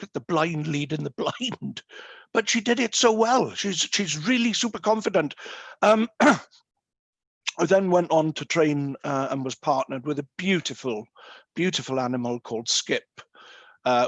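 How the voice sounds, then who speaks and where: A man telling humorous stories with many fillers and pauses, speaking as guest at an online meeting over a video call. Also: a little high, dry recording. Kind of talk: anecdotal talk at an online meeting.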